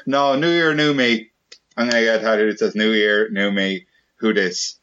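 A man hosts a casual podcast chat, dry and joking as he reads out the questions. His voice sits a little low, and the recording has a slightly dull, lo-fi quality. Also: steady tone, moderate pace, a bit bright, slight background noise. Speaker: podcast host. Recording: dull lo-fi sound.

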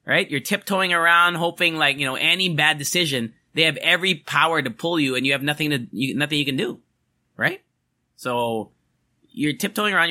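A man's voice: on the high side, sharp tone. A young man hosting a podcast, ranting angrily and emphatically, swearing as he vents. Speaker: podcast host.

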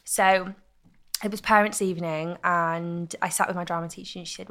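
A young woman, telling stories in a casual interview with lively, laughing chat. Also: lowish voice, a little fast. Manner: chatty, animated storytelling with laughs. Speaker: guest, content creator.

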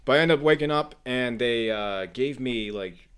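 A young man co-hosting a podcast, telling a story in casual, animated chat full of swearing. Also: medium pitch, normal speed, clear, resonant tone. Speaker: podcast co-host.

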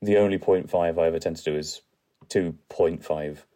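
A man co-hosting a podcast, chatting in a relaxed, easygoing way. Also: deep voice, normal speed. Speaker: podcast co-host. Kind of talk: casual chat.

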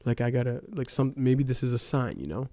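A man's voice: mid-range voice, sing-song, brisk, dark tone, no room sound, studio quality. A young man giving a casual personal testimony, telling his story with lots of fillers like "um" and "like". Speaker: testimony speaker.

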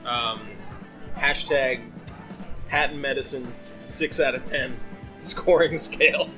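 Rambling, laughing podcast host. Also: male voice, mid-range voice, steady tone, takes it slowly, sharp tone, faint music behind. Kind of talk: casual chat.

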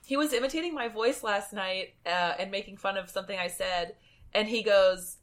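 A woman hosting a podcast in casual chat, an animated and jokey storyteller. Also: medium pitch, fairly quick. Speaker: podcast host.

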